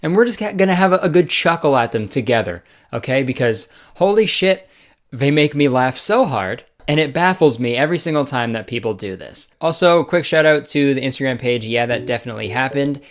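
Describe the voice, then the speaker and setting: A man's voice: medium pitch, lively intonation, brisk. A young man hosting a comedy commentary video, sarcastic and profane with frequent laughter. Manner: sarcastic, swears, laughs often.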